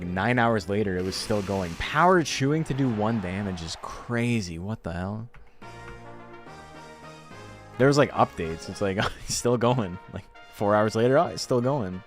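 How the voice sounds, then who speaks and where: A man, chatting loosely and swearing casually while commentating a game tournament on a stream. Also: fairly low pitch. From Canada. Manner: loose and profane, laughing often.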